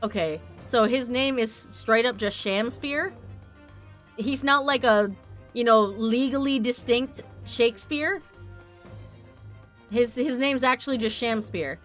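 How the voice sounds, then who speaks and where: A woman's voice: on the high side, slow, a bit bright, soft background music. A woman streaming a game, reacting with giggly, incredulous commentary.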